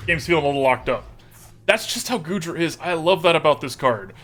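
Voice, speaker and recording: A talkative man hosting a live stream, his voice slightly high and sharply bright. He thinks out loud about each move and greets viewers by name in a loose, casual way. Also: lively intonation, a little fast. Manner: chatty, thinks aloud and talks to viewers by name. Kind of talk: casual live-stream commentary while playing a card game.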